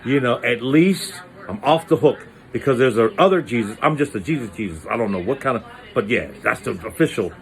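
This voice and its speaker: Brief: male storyteller, loose slangy comic monologue, voice leaps up for quoted bits. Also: fairly quick. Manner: animated, slangy, acts out voices with pitch jumps.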